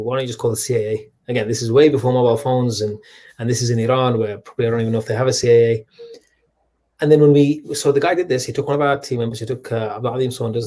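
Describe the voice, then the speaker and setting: A man telling stories as a guest in a conversation, animated and full of restarts. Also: medium pitch. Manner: animated storyteller with frequent restarts. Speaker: guest, humanitarian charity leader. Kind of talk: storytelling in a conversation.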